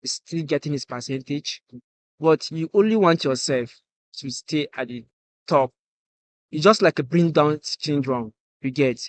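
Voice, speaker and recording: A man's voice: fairly high pitch, a little slow, no room sound. A Nigerian man talking as the guest musician on a casual podcast, earnest and saying "you get" again and again.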